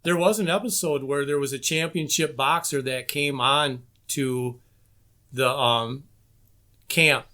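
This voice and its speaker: A man's voice: medium pitch, steady tone, a little slow, bright, forceful tone. A man guesting on a podcast, telling stories about old episodes in casual chat. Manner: storytelling, enthusiastic recollection.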